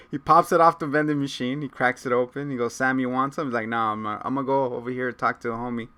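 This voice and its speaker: A man's voice: medium pitch, fairly even intonation, fast talker, pushed and bright. A man co-hosting a casual recap chat, retelling scenes by acting out the characters' lines and laughing often. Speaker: podcast co-host.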